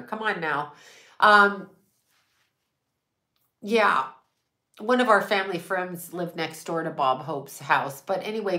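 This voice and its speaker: A woman's voice: on the low side, pushed and bright, reverberant. A woman psychic medium in a casual channeling monologue, blunt, profane and rambling, often laughing.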